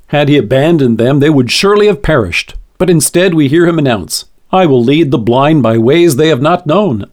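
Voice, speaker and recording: A man reading a scripted devotional, quoting scripture in a measured, earnest way. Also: on the high side, a little mellow. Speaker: devotional speaker.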